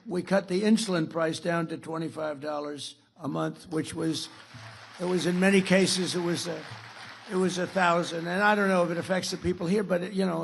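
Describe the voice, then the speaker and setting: A man's voice: on the high side, vocal fry, husky. A man in his seventies giving a rambling, boastful after-dinner speech at a podium, restarting sentences and adding asides. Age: 70s. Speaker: speaker at a club dinner. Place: dinner event.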